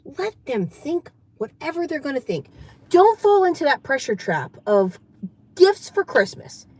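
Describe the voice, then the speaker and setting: A woman's voice: high voice, very animated, unhurried, darkish tone, low-quality recording. A woman who hosts her own channel, talking casually and emphatically, often repeating her points. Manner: chatty, emphatic, repeats herself. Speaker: channel host giving advice. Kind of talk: casual advice vlog.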